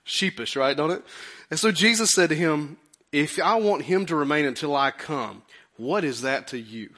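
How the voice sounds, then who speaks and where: A male pastor preaching a folksy, animated sermon, acting out quotes in a high put-on voice. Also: moderate pace.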